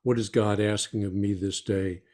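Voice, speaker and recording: A man's voice: lowish voice, steady tone, moderate pace, darkish tone. A man hosting an interview, affirming his guest with short agreements and adding his own conversational points. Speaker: host, priest.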